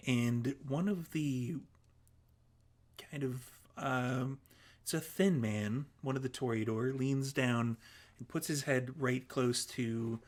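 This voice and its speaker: A man narrating a tabletop role-playing game as storyteller, slow and hesitant, with many fillers. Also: medium pitch.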